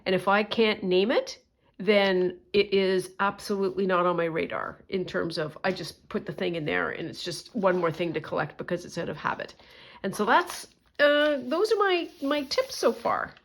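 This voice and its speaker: Talking to her viewers while she crafts, a woman thinks aloud and makes self-deprecating jokes in a relaxed chat to camera. She has a medium-pitched voice and a moderate pace.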